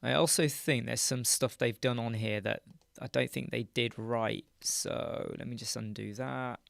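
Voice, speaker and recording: A man hosting a casual live stream, chatting and muttering asides as he works on a website in a dark home studio with soundproof panels. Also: mid-range voice, steady tone, a little slow, vocal fry, no echo. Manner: chatty, muttering asides while working on screen. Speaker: live stream host, web designer. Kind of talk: casual live-stream chat while working.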